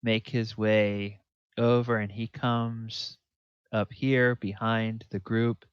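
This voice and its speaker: A man narrating as game master of a tabletop game, unhurried, with fillers and pointing at the map. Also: on the low side, level tone, smooth, no room sound, dull audio.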